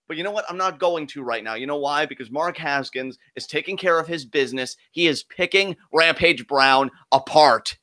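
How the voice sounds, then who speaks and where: Guy yelling and ranting at a wrestling match, kinda high bright voice. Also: normal speed, hardly any pauses, dry recording, studio quality. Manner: heated, profane, ranting fan commentary. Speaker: co-host of wrestling reaction show. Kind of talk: live wrestling reaction chat.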